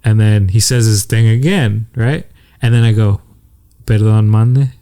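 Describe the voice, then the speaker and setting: A man's voice: fairly low pitch, normal speed, warm tone. A young man co-hosting a casual podcast, telling a travel story and acting out the voices of people he met. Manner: storytelling, acts out quoted voices. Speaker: podcast co-host. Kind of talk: casual chat.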